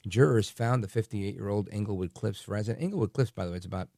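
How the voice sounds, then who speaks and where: A man's voice: on the low side, quick pace, gravelly, warm tone, no echo, studio quality. A man hosting a talk radio show, delivering a rambling, chatty monologue full of asides and fillers.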